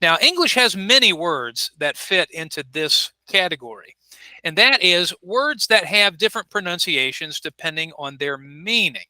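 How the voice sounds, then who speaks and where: Male ESL teacher, clear and patient, bright voice, on a video call. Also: high-pitched, very animated, moderate pace, no echo, low-quality recording. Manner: clear, patient, modeling pronunciation. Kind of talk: online class teaching.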